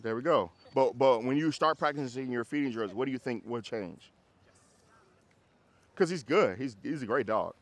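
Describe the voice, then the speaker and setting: A man working as a dog trainer, coaching casually outdoors on a walk, animated and often repeating himself as he acts out little scenes. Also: medium pitch, normal speed.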